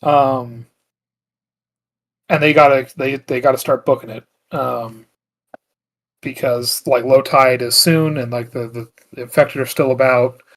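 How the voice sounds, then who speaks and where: A man co-hosts a podcast, his medium-pitched voice steady, unhurried and a bit bright, with frequent pauses. In casual chat he recaps a film, rambling through the plot with lots of "like" fillers, other fillers and restarts.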